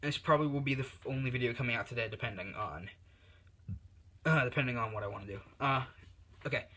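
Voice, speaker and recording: A man's voice: medium pitch, quick pace, pushed and bright, husky. A man telling an improvised fan story in a rambling way full of fillers, recorded on a tablet.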